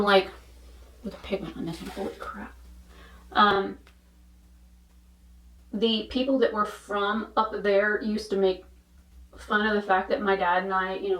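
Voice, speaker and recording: A woman talks her way through a makeup routine in chatty, rambling vlog style, with frank asides along the way. Her voice sits at an ordinary middle pitch. She is heard from a bit off the mic, in a room with noticeable echo. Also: fairly bright tone. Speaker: beauty vlogger. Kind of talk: casual chat while doing makeup. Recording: roomy echo, speaking from a distance to the mic.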